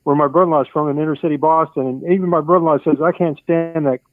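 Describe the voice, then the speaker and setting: A man's voice: a little high, steady tone, rapid-fire, no room sound. An older man calling in to a sports show, chatty and blunt, who keeps apologizing for his cursing. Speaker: caller. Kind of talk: casual sports chat. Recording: tinny, dry phone line.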